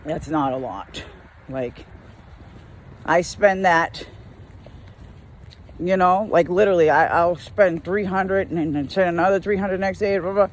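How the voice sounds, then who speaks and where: A woman's voice: on the low side, measured pace, pauses often, slight background noise. Exasperated woman ranting in her car. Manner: exasperated, mimics customers, lots of slang. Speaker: retail worker venting. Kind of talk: casual rant while driving.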